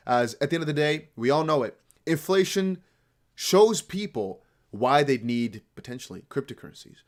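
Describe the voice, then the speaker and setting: Crypto streamer, male, from the Netherlands, near-American accent, lively swinging delivery, loose off-the-cuff chatter. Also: mid-range voice. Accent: American-sounding English with slight Dutch traces. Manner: rambling, animated, talks to chat. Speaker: crypto livestream host. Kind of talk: casual livestream chat.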